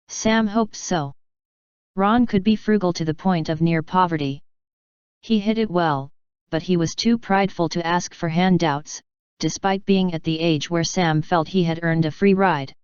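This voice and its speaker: A woman narrating a fan story in a steady audiobook reading. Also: lowish voice, unhurried, clean tone, no room sound, dull audio. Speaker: fanfiction reader.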